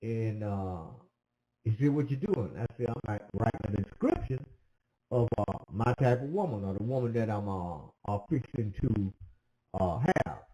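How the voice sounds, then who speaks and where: A man's voice: lowish voice, expressive, moderate pace, warm tone. A man telling a personal story in a casual, rambling way, with many hesitant fillers. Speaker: commentator. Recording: roomy echo.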